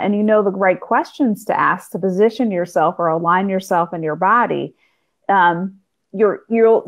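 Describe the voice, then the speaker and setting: Woman spiritual guide chatting, earnest, laughs a lot, trails off and restarts. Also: mid-range voice. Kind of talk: casual conversation.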